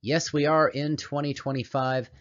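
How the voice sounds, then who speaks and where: A man hosting a career coaching show, giving a calm, meditative solo presentation in a put-on radio voice. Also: on the high side, moderate pace. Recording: slightly dull audio with soft background music. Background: calming music.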